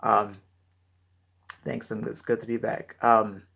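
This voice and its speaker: A man's voice: fairly low pitch, level tone, takes it slowly, vocal fry, fairly bright tone, slightly rough. A man hosting a casual live Q&A, giving rap tips and reading viewer comments aloud with lots of fillers.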